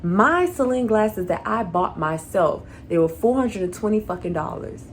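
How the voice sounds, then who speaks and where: A young woman vlogger telling an animated, profanity-laced storytime, acting out the dialogue she quotes. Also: medium pitch, normal speed, slight background noise.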